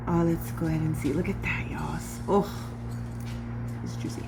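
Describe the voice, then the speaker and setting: A woman's voice: low-pitched, moderate pace, gravelly, long pauses, over music. A woman from California chatting casually as she cooks in her home kitchen, often calling her viewers "y'all". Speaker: cooking vlogger. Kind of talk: casual cooking chat.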